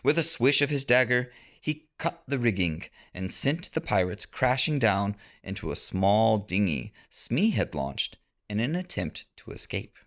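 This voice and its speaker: A man reading a storybook adventure aloud at an unhurried pace. His pitch rises and falls a lot, and he gives the reading an expressive lift. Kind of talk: storybook narration.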